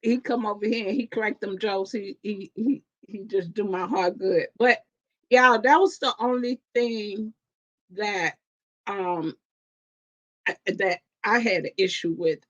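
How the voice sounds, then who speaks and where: A woman hosting a live stream from home, chatting casually with viewers in a chatty, animated way with lots of restarts. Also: mid-range voice, a little slow. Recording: dull lo-fi stream audio.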